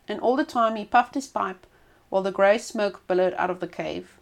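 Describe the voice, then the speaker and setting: A woman reading a folk tale aloud as storyteller, expressive with small stumbles and restarts. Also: mid-range voice, normal speed, gravelly.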